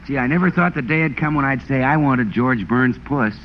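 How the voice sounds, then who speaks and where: A man's voice: mid-range voice, fairly quick. A man playing the show's announcer in a 1940s radio comedy, brash, boastful and theatrical. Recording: hissy lo-fi old radio broadcast.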